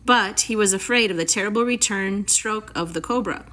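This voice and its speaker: A woman reading a classic story aloud for students in a clear, expressive, measured way. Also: medium pitch.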